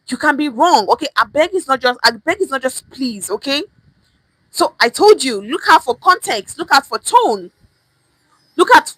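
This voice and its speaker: A Nigerian woman with a Nigerian accent, teaching Pidgin in an animated casual monologue, repeating phrases for emphasis and talking straight to viewers. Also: high-pitched, dry recording, low-quality recording. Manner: addresses viewers directly, mixes in Pidgin. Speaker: pidgin language coach.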